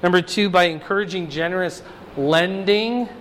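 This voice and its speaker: High-pitched guy preaching a bible study, gets animated, keeps asking "okay?", a little background hiss. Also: normal speed, poor audio. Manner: animated, swings pitch high when voicing God's words, checks in with "okay?". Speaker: pastor or Bible teacher. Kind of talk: sermon, Bible study teaching.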